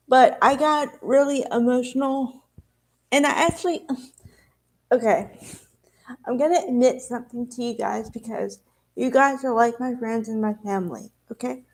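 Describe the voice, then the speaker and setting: A woman's voice: fairly high pitch, normal speed, darkish tone. A woman vlogger talking candidly and confessionally to her viewers in a rambling, casual way. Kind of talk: emotional casual talk to camera.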